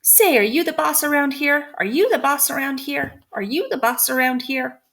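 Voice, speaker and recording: A cross, blinking parrot squawks rude, bossy taunts, put on by a woman reading a storybook. The voice sits a little above her usual talk and comes out loud and insistent. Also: high voice, normal speed, creaky, voice pushed up. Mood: bossy yelling.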